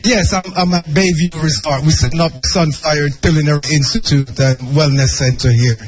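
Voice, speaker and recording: Chef, cheerful, slightly high voice, faint music. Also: male voice, fairly even intonation, fairly quick.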